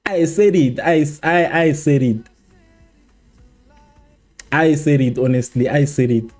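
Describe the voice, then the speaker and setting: Speaking slowly in a fairly high voice over faint background music, a man from South Africa runs a live football watchalong stream. He banters with his viewers in an animated, repetitive way, joking around during the casual match commentary.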